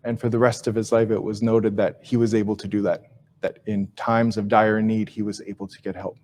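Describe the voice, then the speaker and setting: Reflective man teaching in slow phrases. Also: fairly low pitch, little pitch movement. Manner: slow, reflective delivery with soft, trailing phrase endings; repeats and restarts phrases while searching for words. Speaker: Ojibwe language teacher and speaker. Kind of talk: live teaching talk with storytelling.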